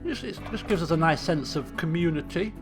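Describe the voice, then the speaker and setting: A man's voice: a little high, expressive, a little fast, music in the background. A man streaming a colony sim game live, chatty and thinking aloud while talking to his chat. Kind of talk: casual live game commentary.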